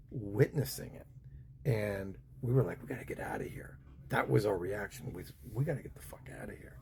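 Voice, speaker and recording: A man's voice: medium pitch, vocal fry, mellow, a little hiss or hum. A man in his fifties telling a personal story in a casual, rambling way, full of fillers and restarts. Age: 50s. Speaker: vlogger.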